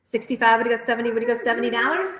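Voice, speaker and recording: A woman auctioneer calling bids at a live auction in a rapid, repetitive chant, with chatty asides about the pieces. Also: on the high side, a bit bright. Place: auction house hall. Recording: roomy echoey hall.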